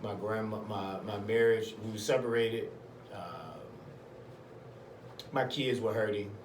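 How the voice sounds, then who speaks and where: A man telling a personal story in casual talk, animated and acting out other people's voices. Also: lowish voice, a little slow, a little hiss or hum. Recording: echoey room, mic at a distance.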